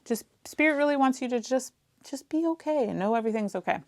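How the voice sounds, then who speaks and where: A woman's voice: sits high, expressive, fast, a little mellow, no echo, studio quality. A woman giving a pick-a-card tarot reading in a chatty, reassuring way, full of fillers. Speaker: tarot reader.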